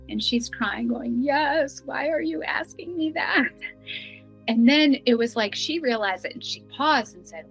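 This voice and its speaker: A middle-aged woman telling a personal story earnestly, some lines hushed and some bright. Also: fairly high pitch, poor audio. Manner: earnest, emotional, shifts between hushed and bright. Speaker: guest telling her experience.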